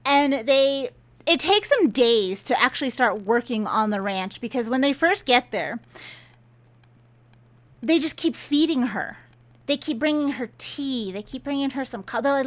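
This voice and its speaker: A woman's voice: high-pitched, lively intonation, measured pace, fairly bright tone. A woman giving a casual, sarcastic rant of a book review, exasperated and incredulous.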